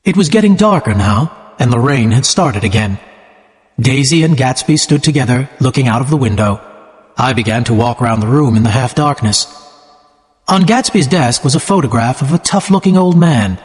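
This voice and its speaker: Man reading slowly in a reverberant hall. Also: mid-range voice, lively intonation. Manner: measured and plainly enunciated. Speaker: narrator. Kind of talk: slow, clear audiobook narration for English learners.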